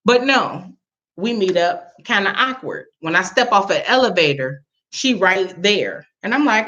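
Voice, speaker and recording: A woman, telling a personal story to viewers in a casual, animated way, laughing and jumping high in pitch when she quotes people. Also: normal speed. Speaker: vlogger. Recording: dull lo-fi sound.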